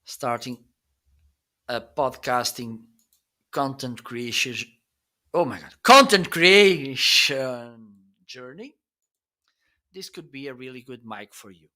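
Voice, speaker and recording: A man's voice: mid-range voice, animated, slow, pauses often, bright, forceful tone. A man hosting a casual live shopping stream at his desk, chatting unhurriedly as he tests microphones by counting and saying hello. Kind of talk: casual product demo. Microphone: desk microphones being tested.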